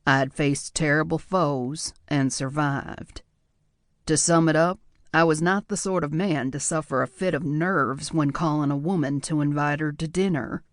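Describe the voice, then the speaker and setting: A man reading a first-person audiobook in a measured, reflective way. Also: fairly high pitch, no room sound, clean studio sound. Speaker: audiobook narrator.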